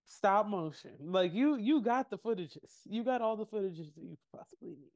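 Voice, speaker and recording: Speaking at an ordinary pace with a medium-pitched voice, this young woman co-hosts a podcast. She chats casually through a show recap, animatedly performing quotes and laughing along.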